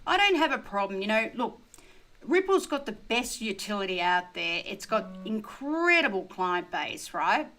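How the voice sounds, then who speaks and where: Very animated, bright and forceful, an older woman speaks at a measured pace in a medium-pitched voice while hosting a casual crypto livestream. She reads viewer questions bluntly, full of "you know" and "right?", sounding tired and thirsty as she drinks beer. The recording is rough.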